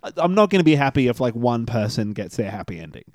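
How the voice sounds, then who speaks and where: A man's voice: mid-range voice, big pitch swings, fast, a little mellow, no echo, clean studio sound. A man co-hosting a podcast in casual chat, rambling and swearing, often restarting sentences. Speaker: podcast co-host.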